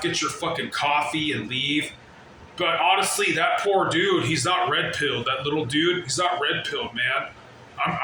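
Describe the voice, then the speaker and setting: A man's voice: on the high side, sharp tone. Brash, swearing man in an echoey room. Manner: brash, swears constantly, goes off on tangents. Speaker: vlogger reacting to a video. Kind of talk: profane rambling reaction rant. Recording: very echoey room, slight noise.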